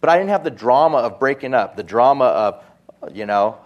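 A pastor preaching a sermon in a conversational way, with asides and quoted voices. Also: male voice, mid-range voice, animated, fairly quick, muffled recording.

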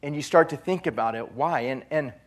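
A man preaching a sermon as pastor, swinging from loud emphasis to soft, quiet lines and repeating phrases. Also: a little high, brisk.

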